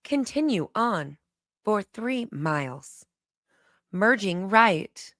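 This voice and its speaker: A woman putting on a calm robotic female GPS navigation voice, with slow, flat, measured announcements. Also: medium pitch, no echo, studio quality, exaggerated voice.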